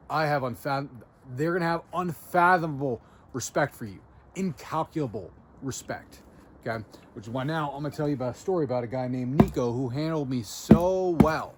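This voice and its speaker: A man's voice: mid-range voice, a little hiss or hum. Chatty young man telling a story. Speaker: self-help video host. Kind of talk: casual storytelling to camera.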